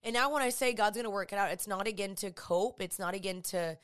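A woman's voice: medium pitch, fast, fairly bright tone. Earnest woman giving a devotional talk. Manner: earnest, conversational, vivid storytelling. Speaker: Christian speaker.

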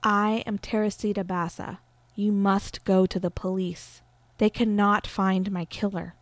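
A woman's voice: mid-range voice, level tone, unhurried, no room sound, lightly acted. A woman voicing the spirit of a murdered woman who speaks through someone, in an insistent whisper. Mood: urgent.

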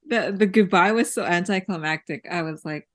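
A woman with a fairly low voice co-hosts a casual movie podcast, recapping films while talking a little fast. She's giggly and laughs often as she speaks, on a dry recording.

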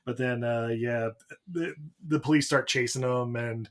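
A man co-hosting a podcast in casual chat, joking and laughing as he acts out film scenes in quick voices. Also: medium pitch, fairly even intonation, fairly bright tone. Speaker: podcast co-host. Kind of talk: casual chat recapping a movie.

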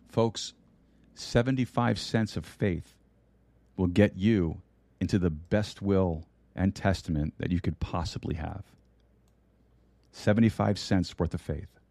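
Deep, warm-toned male preacher. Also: fairly even intonation, vocal fry, dry recording. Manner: storytelling, slowing for emphasis. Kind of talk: sermon.

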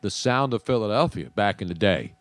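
A man's voice: lowish voice, big pitch swings, a little fast, a little hiss or hum. Chatty male sports radio host. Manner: chatty, joking banter. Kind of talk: casual sports talk.

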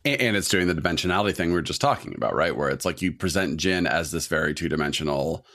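A man co-hosting a podcast, analytical in casual chat. He talks fast, in a deep voice. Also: animated, a bit bright. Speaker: podcast co-host.

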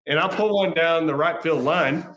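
A man's voice: a little high, normal speed, a bit bright. A man telling stories as a podcast guest, laughing often and restarting as he talks. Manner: laughs often, repeats and restarts as he tells the story. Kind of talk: casual storytelling.

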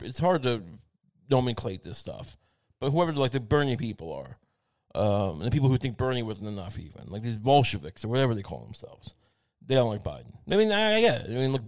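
A man in a casual, profane, rambling rant, full of fillers and restarts, who bursts into loud mocking quoted outbursts. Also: mid-range voice, no echo, clean studio sound. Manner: acts out mocking quoted rants in a raised voice.

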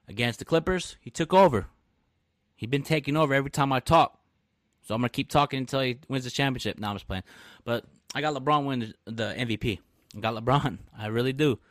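A man hosting a casual live-stream podcast, talking trash with brash, animated energy and frequent laughs. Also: medium pitch, no echo, studio quality. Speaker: podcast host.

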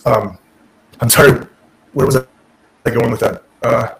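A man who is a former wrestler and podcast guest, telling a story in casual, animated talk, restarting sentences and acting out what people said. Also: mid-range voice, takes it slowly, gravelly, poor audio. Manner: animated, restarts and self-corrects, acts out quotes.

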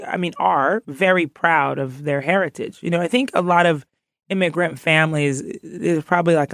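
A woman from Ghana, a podcast guest, chatting in an animated, playful way and laughing often. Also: deep voice, vocal fry, no echo, studio quality. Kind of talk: casual interview chat.

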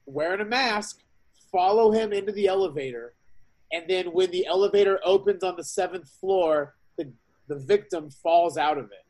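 A man co-hosting a casual podcast, quick and excitable, swearing freely. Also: high-pitched, rough recording. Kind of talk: casual chat.

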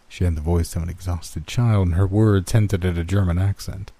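Deep-voiced man narrating a horror story. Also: fairly even intonation, brisk, hardly any pauses, mellow.

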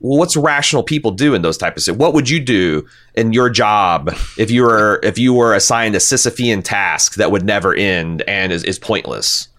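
A man's voice: on the low side, moderate pace, hardly any pauses, fairly bright tone. A man hosting a casual podcast discussion, talking in a rambling way with many restarts and fillers. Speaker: podcast host.

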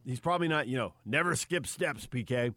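A man's voice: medium pitch, lively intonation, fairly quick, fairly bright tone, dry recording. Man co-hosting sports talk radio.

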